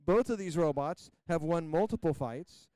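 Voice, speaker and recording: A man announcing a robot combat event, calling competitors to the arena and giving energetic play-by-play with countdowns. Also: a little high, moderate pace, no echo, low-quality recording. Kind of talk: live event commentary.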